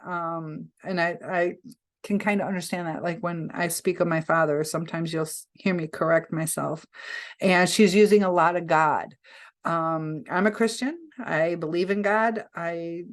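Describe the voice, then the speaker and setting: Low-voiced woman rambling through a story. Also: fairly even intonation, unhurried. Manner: rambling, chatty, frequent "um" and self-corrections. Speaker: vlogger recounting a scam attempt. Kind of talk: casual storytelling to camera.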